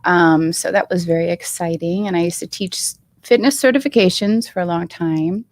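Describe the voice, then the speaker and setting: Woman author guest, low-ish gravelly voice, earnest, heartfelt delivery. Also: moderate pace, no room sound. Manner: earnest, heartfelt storytelling with many ums. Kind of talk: live interview conversation. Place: live online show.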